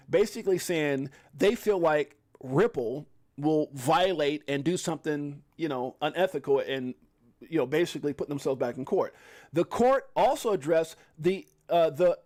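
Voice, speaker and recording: A fairly high-pitched man with an African American English accent hosts a casual live stream. He talks in an animated way, swings up into loud hype shouts and stops to correct himself as he reads aloud. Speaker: crypto live-stream host.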